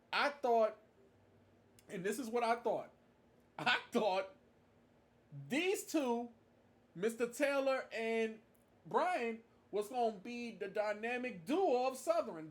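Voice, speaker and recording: A man giving a casual tribute monologue, stressing his points by repeating them. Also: very high-pitched. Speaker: marching band fan vlogger.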